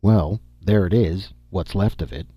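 A man's voice: low-pitched, unhurried, mellow, breathy edge, no room sound. A man reading a wary, impatient male explorer in an audiobook, grim and muttering. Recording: dull dry recording.

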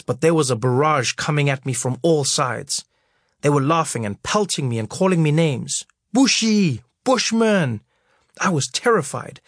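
A man's voice: a little high, fairly bright tone, dry recording. A man reading his memoir aloud, wry and storytelling, on a close studio mic. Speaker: narrator.

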